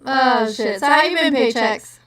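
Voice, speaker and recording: A woman's voice: sits high, a bit bright. A woman from New Jersey with a New Jersey accent, hosting a livestream in rambling, profane casual chat. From New Jersey, USA. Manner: rambling, profane, quick to laugh. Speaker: livestream host. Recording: echoey room, far from the mic.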